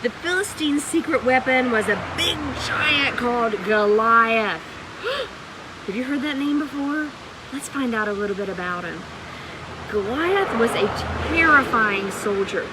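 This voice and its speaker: A middle-aged woman tells a bedtime Bible story with an animated, swooping voice that sits fairly high. A steady noise sits under the recording. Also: measured pace. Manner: animated and expressive, with gasps and questions to the audience. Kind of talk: live-streamed bedtime story reading.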